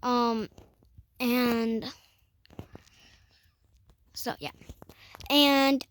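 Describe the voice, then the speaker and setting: A woman's voice: a little high, fairly even intonation, very slow, smooth. A woman telling a storytime vlog in a rambling way, full of fillers and self-corrections. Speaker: vlogger.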